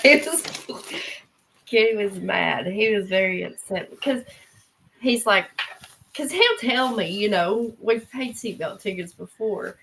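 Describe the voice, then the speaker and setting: A woman's voice: medium pitch, animated, measured pace, gravelly, fairly bright tone, slight background noise, low-quality recording. A woman in a casual chat, laughing often and rambling through a story.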